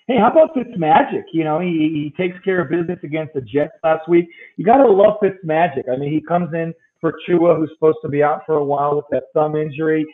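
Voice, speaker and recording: A man's voice: fairly high pitch, fairly quick, hardly any pauses. A man hosting a podcast, chatting casually through game picks. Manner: talkative, rundown of matchups. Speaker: podcast host. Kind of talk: casual sports picks chat. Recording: tinny phone-like sound.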